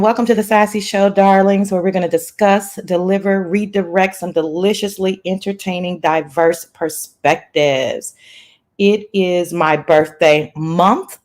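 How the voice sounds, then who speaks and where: Sassy woman hosting a livestream. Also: on the low side. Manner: sassy, greets viewers by name in a lively sing-song. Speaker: livestream host. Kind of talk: casual livestream chat. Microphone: laptop mic.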